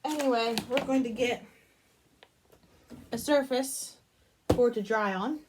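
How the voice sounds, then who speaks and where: A woman's voice: fairly high pitch, measured pace, background noise. A young adult woman chatting casually as she works with clay, wandering between her task and a long childhood story. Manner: rambling storytelling, asides about her work. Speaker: crafting channel host. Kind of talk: casual chat while crafting.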